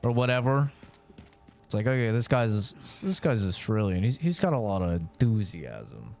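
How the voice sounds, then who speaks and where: A man's voice: lowish voice, sing-song, normal speed, creaky, a little mellow, faint music behind. A man streaming a game, chatting casually in a rambling, joking way with lots of fillers. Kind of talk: casual chat while gaming.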